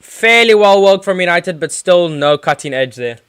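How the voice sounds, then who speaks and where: A man's voice: high-pitched, expressive, moderate pace, fairly bright tone, clear, resonant tone, no room sound, clean studio sound. A man giving rambling live play-by-play as a football fan streamer, with lots of fillers and restarts. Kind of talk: live watchalong match commentary.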